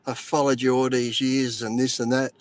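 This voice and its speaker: A man's voice: medium pitch, little pitch movement, moderate pace. A middle-aged man with an Australian accent, chatting on a podcast, crude and joking and laughing often. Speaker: podcast guest, bodybuilder. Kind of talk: casual podcast chat.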